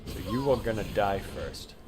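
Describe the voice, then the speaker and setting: Excitable swearing gamer guy. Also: on the low side, moderate pace, over music. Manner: excitable, swears, yells at the game. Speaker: gamer streamer. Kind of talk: casual gameplay commentary.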